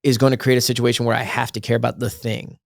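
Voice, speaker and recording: A man's voice: medium pitch, flat delivery, fast talker, vocal fry, no room sound, clean studio sound. A man co-hosting a faith podcast, talking earnestly in a rambling way and correcting himself as he goes. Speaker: podcast co-host. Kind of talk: casual faith podcast chat.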